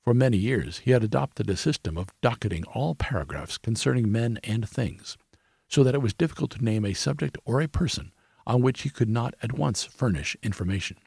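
A man narrating a story in a measured storytelling voice. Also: mid-range voice, animated, vocal fry, darkish tone, slightly rough, no echo, studio quality. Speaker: audiobook narrator. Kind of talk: scripted narration.

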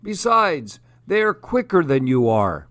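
A man's voice: a little high, very animated, unhurried, fairly bright tone, no room sound, studio quality, pitched above the performer's own voice. A man voicing a wise old male crocodile in a storybook, talking in a doubtful, reasoning way.

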